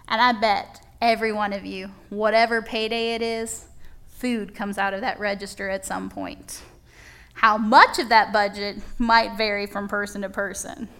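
A woman preaching a conversational sermon, folksy and animated, acting out little dialogues as she talks. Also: mid-range voice.

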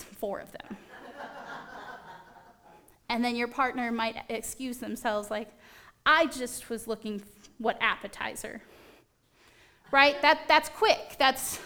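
Woman preacher, sermon, chatty animated storytelling, bright voice. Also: on the high side.

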